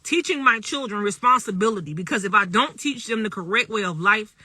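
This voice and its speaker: A woman's voice: medium pitch, animated, a little fast, bright, forceful tone, husky, no echo, studio quality. Emphatic woman on a phone livestream. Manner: emphatic and repetitive, often asks "you know what I'm saying". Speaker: livestream host talking to viewers. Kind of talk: casual livestream monologue.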